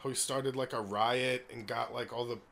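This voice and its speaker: A man's voice: medium pitch, steady tone, moderate pace, gravelly, a bit bright, a little hiss or hum. A man in a casual group chat, eager and curious, who asks lots of questions and laughs easily.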